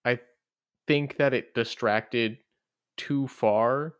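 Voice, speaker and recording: A man's voice: mid-range voice, steady tone, extremely slow, a bit bright, clear, resonant tone. A young man co-hosting a podcast, chatting casually about a movie in a loose, filler-heavy way. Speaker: podcast co-host. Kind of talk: casual movie review chat.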